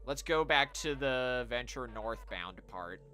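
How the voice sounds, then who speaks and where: A man's voice: medium pitch, animated, slow pace, sharp tone, slight background noise. A man streaming a video game, chatting casually to viewers as he plays. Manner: chatty, talking to viewers while playing. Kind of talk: casual live-stream commentary.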